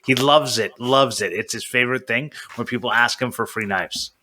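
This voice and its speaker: A man's voice: mid-range voice, normal speed, pushed and bright. A man co-hosting a casual podcast, joking and rambling, often restarting his sentences. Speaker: podcast co-host.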